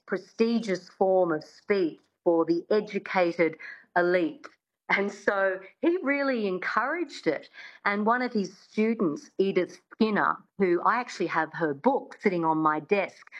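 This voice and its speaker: A woman dialect coach speaking as a radio guest, enthusiastic and quick, often restarting her sentences. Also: on the low side, muffled recording.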